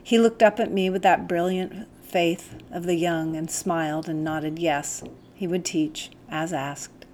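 A woman narrating a first-person novel as an audiobook, in a calm, measured, gentle reading voice. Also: lowish voice.

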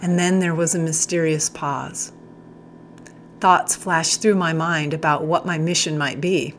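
A woman reads a first-person story gently, at times almost whispering. Her voice sits a little low. A faint hiss lies under the recording. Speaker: audiobook narrator.

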